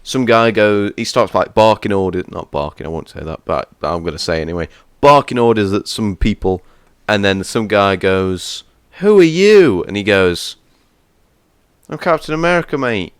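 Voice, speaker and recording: A man's voice: deep voice, moderate pace, hardly any pauses, clear, resonant tone, no room sound. A young man co-hosting a casual TV review chat, joking and teasing his friend. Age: young adult. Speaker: co-host reviewing a TV series.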